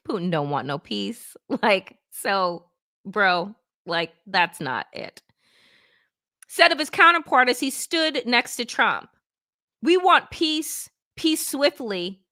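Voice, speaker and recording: Lively, bright-voiced woman political host. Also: sits high. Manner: emphatic, blunt, sarcastic, swears freely. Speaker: political talk show host. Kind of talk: opinionated political commentary.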